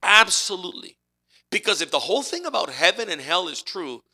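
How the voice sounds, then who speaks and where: A man delivers a sermon with a bright, ringing edge to his voice. He preaches conversationally and with animation, slightly higher-pitched than most men. He drops to quiet, intimate asides before climbing back up. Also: lively intonation, brisk. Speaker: pastor.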